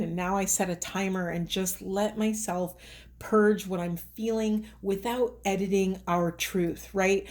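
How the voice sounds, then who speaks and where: A woman giving a spiritual reading, talking in a gentle, reflective, rambling way. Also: mid-range voice. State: emotional, voice rising. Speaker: tarot reader.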